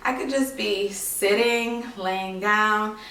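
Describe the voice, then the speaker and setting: A woman's voice: mid-range voice, slow pace, sharp tone. Chatty young woman in an echoey room. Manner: chatty, many "like" and "um" fillers. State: short of breath. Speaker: vlogger. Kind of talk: casual pregnancy update vlog. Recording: echoey room, voice a bit far from mic.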